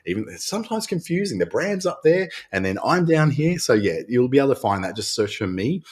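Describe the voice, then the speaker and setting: A man's voice: medium pitch, sing-song, a little fast, breathy edge. A man hosting a casual live webinar, walking viewers through a screen-share demo in a chatty, friendly way and often restarting his sentences. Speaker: webinar host.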